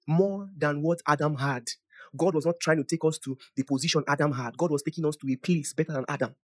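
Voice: mid-range voice, fairly quick. Preacher teaching and praying in tongues. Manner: conversational, asks the listeners questions, laughs often; prays aloud in tongues, rising in loudness. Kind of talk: sermon and prayer.

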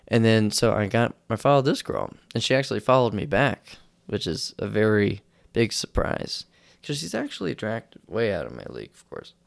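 A young man rambles through a casual podcast story, poking fun at himself. His voice has a gravelly, creaky texture. The sound is close and dry, with no room echo. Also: lowish voice. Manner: rambling, self-deprecating, acts out quotes in raised voices. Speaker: podcast host.

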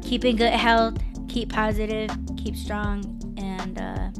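Slow, emotional woman hosting a live podcast. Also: mid-range voice, fairly even intonation, over loud music. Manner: emotional, candid, swears freely. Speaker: podcast host. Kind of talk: live-stream podcast monologue.

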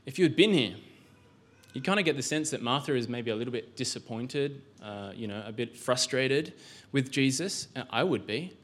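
A man's voice: medium pitch, expressive, normal speed, a bit bright. A male pastor giving a sermon in a church, conversational, with rhetorical questions and frequent restarts.

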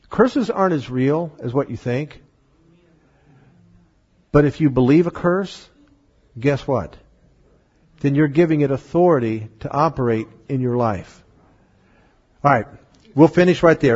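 A man preaching a sermon to a congregation, lively and often acting out voices in his stories. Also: mid-range voice, takes it slowly, pauses often, breathy edge, lo-fi sound. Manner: animated, acts out voices in stories, laughs often. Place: church meeting room.

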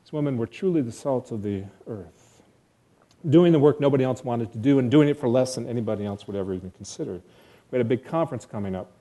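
An American man tells a personal story to an audience in vivid present tense. He is earnest and quick to poke fun at himself. His voice is mellow and warm, at an ordinary pitch. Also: expressive. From United States. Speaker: speaker telling a personal story.

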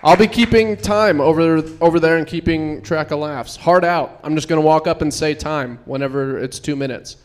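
A man's voice: fairly high pitch, normal speed, hardly any pauses. A young man co-hosting a comedy show and keeping time, throwing in dry, teasing remarks. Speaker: comedy show co-host and timekeeper. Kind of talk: stand-up hosting banter.

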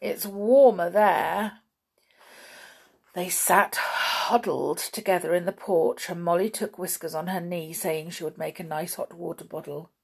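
A woman reading a children's story aloud in a gentle, expressive way. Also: fairly low pitch, normal speed, gravelly, hardly any pauses, breathy edge.

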